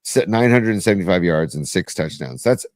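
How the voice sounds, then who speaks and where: A man from the San Francisco Bay Area co-hosts a casual sports podcast, his deep voice animated and fairly quick on a recording with no room sound. He comes across weary and frustrated, frequently restarting his sentences.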